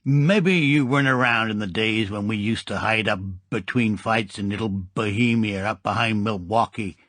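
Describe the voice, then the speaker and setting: A man voicing a grinning American gangster in an audiobook, talking in slangy, halting speech. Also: fairly low pitch, a bit bright, no echo. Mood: boastful. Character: American gangster with a lip-curling grin, male.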